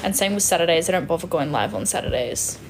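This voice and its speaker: A woman's voice: lowish voice, expressive, quick pace, background noise. A woman in her twenties from Western Australia with an Australian accent, chatting on a phone live stream and answering viewer comments. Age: 20s. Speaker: livestreamer. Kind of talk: casual live-stream chat reading comments.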